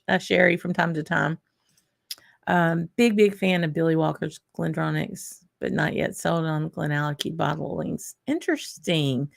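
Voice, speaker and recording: Southern woman host, low and gravelly, unhurried live-stream chatter with small laughs. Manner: unhurried, thinking aloud, frequent small laughs. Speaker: whisky channel host. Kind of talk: casual live-stream tasting chat.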